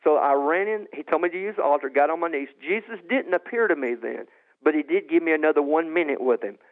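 A man with a slightly high voice recounts his testimony, stumbling and repeating words as he builds to bursts of high, loud excitement. The sound is thin and tinny, like a phone line. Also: quick pace. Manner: rises high and loud when reliving moments, repeats and restarts. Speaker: guest telling his testimony.

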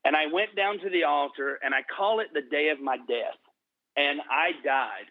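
A middle-aged man telling his personal testimony in an interview, earnest and slowing down for emphasis. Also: on the high side, no room sound. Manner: earnest storytelling, slows for emphasis. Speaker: guest sharing testimony. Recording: tinny phone-like line.

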